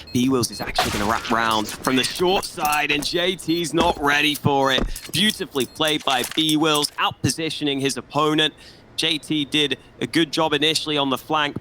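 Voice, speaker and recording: A man's voice: mid-range voice, sharp tone. A man giving analytical color commentary on a video game match, with dry humor. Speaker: esports analyst. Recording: noisy game audio behind. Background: game sounds.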